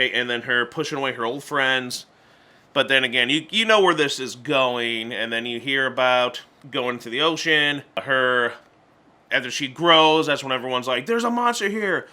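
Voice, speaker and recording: A man casually reviewing an animated movie, chatty and stumbling over restarts, acting out character lines in little voices. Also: medium pitch, smooth.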